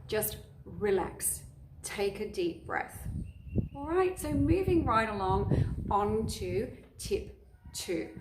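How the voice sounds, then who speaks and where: A woman teaching, a native English speaker, giving exam speaking tips in an emphatic, expressive way. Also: fairly high pitch, reverberant, a little hiss or hum. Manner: expressive, emphatic, demonstrates speech patterns. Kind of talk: spoken exam tips lesson.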